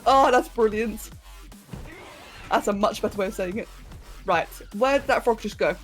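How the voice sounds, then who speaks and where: A woman's voice: medium pitch, normal speed, faint music behind. A young British woman chatting casually with her viewers while playing a game, giggly and rambling, her throat a little sore. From Britain. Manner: chatty, giggly, talks to chat. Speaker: streamer. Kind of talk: casual live-stream chat while gaming.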